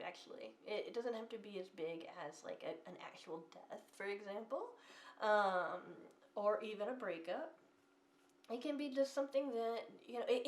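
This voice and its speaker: A woman in her thirties giving a casual tarot reading, gentle and reassuring, rambling with many ums and restarts. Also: mid-range voice. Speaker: tarot reader. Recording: roomy echo.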